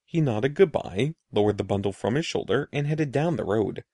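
A man reading a children's story aloud in an expressive, animated way. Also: mid-range voice, normal speed, dry recording, studio quality. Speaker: narrator.

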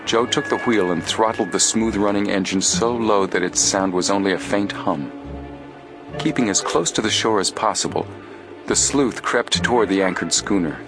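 Deep-voiced man narrating a story. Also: over music. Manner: steady, measured storytelling. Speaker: audiobook narrator. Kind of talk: scripted narration.

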